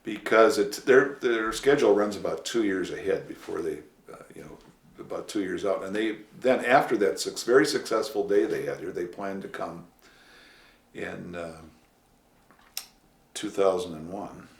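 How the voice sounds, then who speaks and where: A man being interviewed as a former city official, telling long stories with many pauses. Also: low-pitched, gravelly. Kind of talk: anecdotal interview storytelling. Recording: echoey room, faint hiss.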